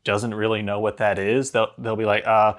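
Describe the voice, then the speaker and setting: A man's voice: on the low side, little pitch movement. A man co-hosting a board game review, chatting casually with restarts and laughs. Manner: halting, laughing, restarts a lot. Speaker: board game show co-host.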